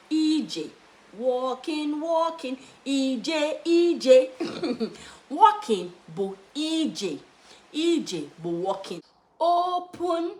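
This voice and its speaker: A young Nigerian woman from Anambra teaches Igbo words to beginners, speaking slowly and repeating each one emphatically so learners can follow along. Her high-pitched, darkish voice carries an Igbo-accented Nigerian English.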